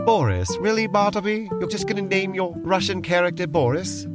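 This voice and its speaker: A man's voice: sits high, lively intonation, normal speed, loud music behind the voice. A man co-hosting a comedy show, answering his partner in a dry, skeptical, prim way. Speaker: co-host. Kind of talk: comedic improvised role-play banter.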